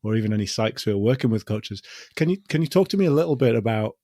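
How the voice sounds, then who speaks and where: A man hosting a podcast, asking thoughtful questions in a measured way. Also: medium pitch, expressive, dark tone, no echo, studio quality. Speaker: podcast host. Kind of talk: casual podcast interview.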